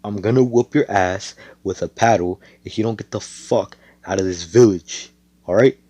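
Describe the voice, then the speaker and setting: A man's voice: fairly low pitch, normal speed, dark tone, slightly rough, dry recording. A man doing a brash, cocky swordsman hero. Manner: swaggering, profane trash talk.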